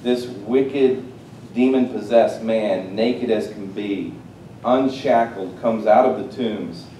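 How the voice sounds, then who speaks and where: A man preaching a sermon, swinging between loud, excited exclamations and hushed, quiet asides. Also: slow pace. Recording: roomy, distant mic with faint rumble.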